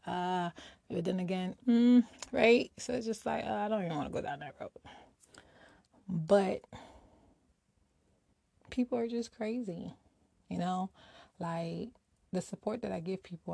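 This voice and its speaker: A woman's voice: lowish voice, creaky, mellow, breathy edge, dry recording. A middle-aged woman ranting candidly in a casual personal vlog, slightly out of breath, tossing in rhetorical asides. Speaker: vlogger.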